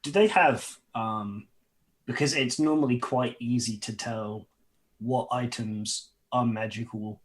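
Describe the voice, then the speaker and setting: Man, tabletop player, slow, thinking aloud, mid pitch. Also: slight background noise. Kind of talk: tabletop game table talk.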